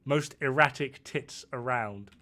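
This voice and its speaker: A man's voice: medium pitch, slow pace, pushed and bright. A man streaming a game, chatting casually and rambling, swearing freely as he plays. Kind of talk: casual chat while gaming.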